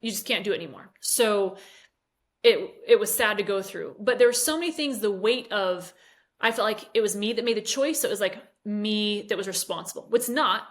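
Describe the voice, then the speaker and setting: A woman in her forties, a fitness coach, speaks a little fast at medium pitch. In an interview conversation she tells a personal story candidly and emotionally, with hesitations.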